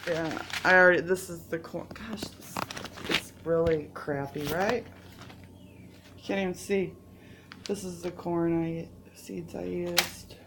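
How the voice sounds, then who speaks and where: A woman's voice: lowish voice, steady tone, takes it slowly, heavy background noise. A woman gardening vlogger sounding stuffy and congested, chatting in a rambling, self-interrupting way outdoors in her garden. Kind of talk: casual chat.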